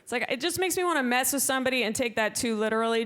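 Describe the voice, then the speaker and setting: A young woman doing a stand-up comedy set on a club stage, speaking dryly into a handheld mic and jumping into shrill, loud put-on voices. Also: lively intonation, rapid-fire, few pauses, some chatter behind.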